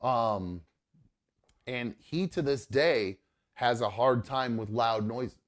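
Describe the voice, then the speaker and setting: A man's voice: medium pitch, takes it slowly. Earnest rambling middle-aged man. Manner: rambling anecdotal storyteller, earnest. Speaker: podcast host. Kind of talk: casual chat. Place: studio.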